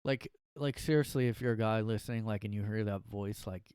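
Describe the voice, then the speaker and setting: A man's voice: lowish voice, a little fast, darkish tone, smooth, no room sound. Male solo podcaster, casual and rambling, dry room sound. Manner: jokey, rambling, many fillers. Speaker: podcast host. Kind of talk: casual comedic monologue. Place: his room.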